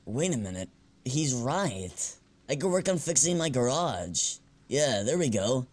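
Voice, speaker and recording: A man voicing a hot-tempered young scientist who swears a lot and swings between anger and self-pity in an animated comedy. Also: mid-range voice, measured pace. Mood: frustrated. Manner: swears a lot, flips between rage and sulking. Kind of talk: amateur animated comedy voice acting.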